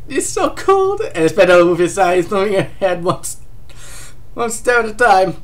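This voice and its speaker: A host reading a comic aloud in a live reaction, laughing often and breaking into excited outbursts. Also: mid-range voice, unhurried, pauses often. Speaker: manga reaction streamer.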